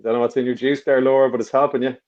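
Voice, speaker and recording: Joking quizmaster on muffled earphones. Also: male voice, mid-range voice, little pitch movement, very fast, a little mellow. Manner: joking, self-mocking. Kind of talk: casual video call quiz hosting. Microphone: loose earphones on a video call.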